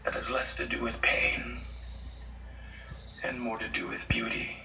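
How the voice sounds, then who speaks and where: A man's voice: medium pitch, flat delivery, a little slow, noisy background. A man performing a spoken-word poem with a rhythmic, emphatic delivery that builds in force. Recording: roomy, distant, loud music behind.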